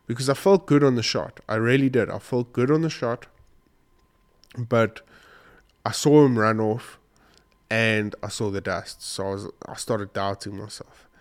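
A man with a slightly low, smooth, clear voice recounts a hunt to his viewers. He rambles and restarts, sounding choked up and sniffly. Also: steady tone, a little slow. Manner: emotional, rambling retelling with restarts. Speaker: hunting vlogger. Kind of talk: casual storytelling to camera.

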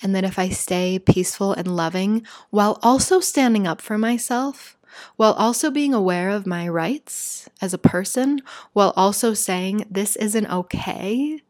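A woman's voice: medium pitch, normal speed, darkish tone. Earnest woman giving a spiritual talk. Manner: earnest, emphatic, reflective. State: shaken. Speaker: spiritual speaker.

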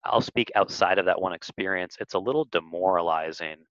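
A man, a marketing agency head, talking as an interview guest, telling lively stories and acting out quotes. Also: low voice, brisk, no echo, lo-fi sound. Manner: animated storyteller, acts out quotes. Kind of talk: casual interview talk.

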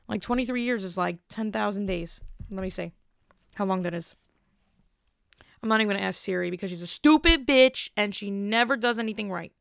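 A woman's voice: medium pitch, gravelly, no room sound, clean studio sound. A woman in her twenties telling a rambling, self-deprecating story in a casual monologue. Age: 20s. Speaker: vlogger.

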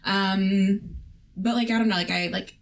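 Young woman from Canada, podcast co-host; halting, rambling, casual storytelling, mid-pitched. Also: fairly even intonation, vocal fry. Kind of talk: casual chat.

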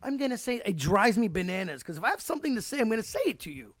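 A man's voice: high voice, rapid-fire, no room sound. A man in his forties, a podcast host, telling stories in casual chat, swearing freely and acting out what people said. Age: 40s. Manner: animated, profane storyteller who acts out quotes.

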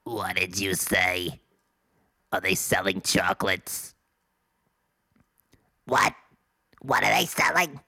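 A man's voice: sits low, expressive, slow, gravelly, long pauses, sharp tone, no room sound, studio quality, pitched below the performer's own voice, heavily acted. A man putting on the voice of a cranky, hard-of-hearing old woman. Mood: crotchety.

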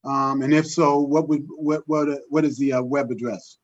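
A man interviewing a guest, asking questions in a halting, hesitant way. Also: medium pitch, steady tone, dull audio.

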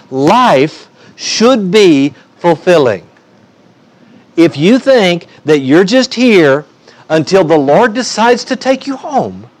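A male pastor preaching a sermon in an emphatic, folksy way with humor. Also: fairly high pitch.

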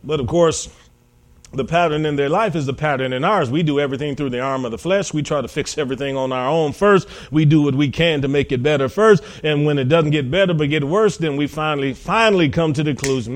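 A male preacher delivering a sermon, retelling Bible stories and acting out the voices of the people in them, building to loud, emphatic peaks. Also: a little high, quick pace. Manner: storytelling, acting out voices of biblical figures.

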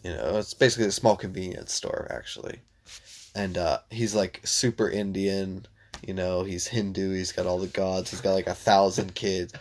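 A man co-hosting a casual podcast chat, blunt and swearing freely, tossing in quick mock voices. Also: sits low, flat delivery. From Italian heritage. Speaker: podcast co-host.

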